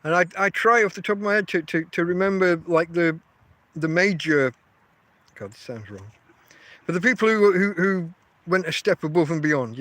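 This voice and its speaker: A man's voice: on the high side, fairly bright tone, no room sound. A man, chatting casually and rambling on a livestream from outdoors. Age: 50s. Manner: rambling, chatty, often restarts his sentences. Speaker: livestream host.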